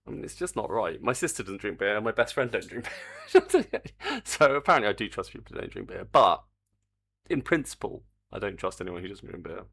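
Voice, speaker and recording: A man's voice: fairly low pitch, big pitch swings, brisk, creaky, bright, forceful tone, husky. An older man, chatting casually on a live stream while he works on a game, reading the chat aloud and swearing mildly.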